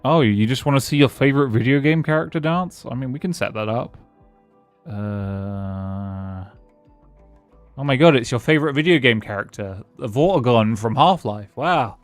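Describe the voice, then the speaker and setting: A man's voice: medium pitch, lively intonation, a little fast, hardly any pauses, no room sound. Man, casual rambling streamer, close dry mic, faint music underneath. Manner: rambling, chatty, answers chat and thanks followers. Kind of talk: casual live-stream chat while gaming.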